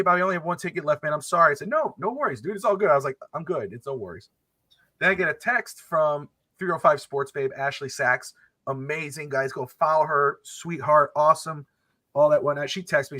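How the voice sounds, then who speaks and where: A man's voice: fairly high pitch, no echo. A young man co-hosting a podcast, telling a long story in casual chat and acting out the people in it. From Miami area. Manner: animated storyteller acting out both sides of conversations. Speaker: podcast co-host.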